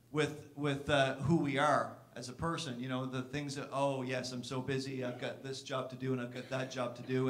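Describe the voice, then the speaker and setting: A pastor preaching a sermon in church, earnest, sometimes acting out the complaints of the people he speaks about. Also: a bit bright. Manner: earnest, acts out Martha's complaints with raised pitch.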